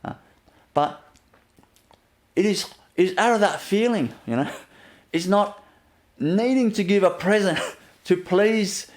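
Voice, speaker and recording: A man giving a gentle inspirational talk as a spiritual teacher, often laughing softly and leaning on "you know" as he repeats himself. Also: high voice, expressive, takes it slowly. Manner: repetitive, fills with "you know".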